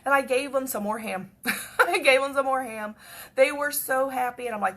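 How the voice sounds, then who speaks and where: A woman telling a personal story in a chatty, repetitive way that often drops to a hush. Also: high voice, normal speed. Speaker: devotional speaker.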